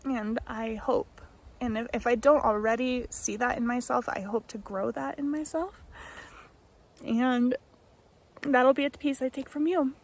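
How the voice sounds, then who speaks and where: A young American woman vlogging, speaking an emotional tribute to her grandmother, halting often with fillers and restarts. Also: fairly high pitch, poor audio. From United States. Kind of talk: heartfelt tribute and vlog narration.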